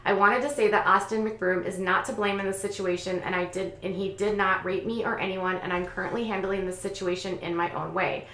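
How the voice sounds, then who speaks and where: A woman host recounting online gossip and reading out posts, in a conversational way with frequent pauses and fillers. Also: medium pitch, fairly even intonation, a bit bright, reverberant, slight background noise. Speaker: commentary channel host.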